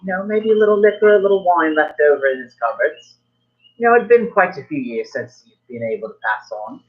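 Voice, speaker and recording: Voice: mid-range voice, expressive, a little fast, dull audio, lightly acted. A game master voicing an old man from the town who tells his story in a rambling, folksy way. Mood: reminiscing.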